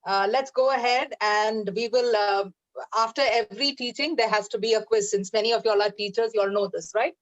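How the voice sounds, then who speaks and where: A woman's voice: a little high, fairly even intonation, a little fast, no room sound. Woman moderating a muffled video call. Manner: casual, hesitant with fillers. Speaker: class moderator. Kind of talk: moderating an online class.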